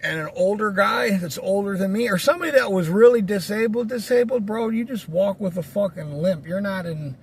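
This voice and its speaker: A man's voice: sits high, brisk, few pauses, breathy edge. A man telling a rambling story in a casual, profane monologue. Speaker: vlogger.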